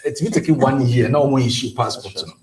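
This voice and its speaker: A man's voice: mid-range voice, fast talker, darkish tone, reverberant, a little hiss or hum. A man with a Ghanaian accent, a lawyer giving legal advice on a talk show, explaining at length and mixing English with Twi phrases. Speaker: immigration lawyer.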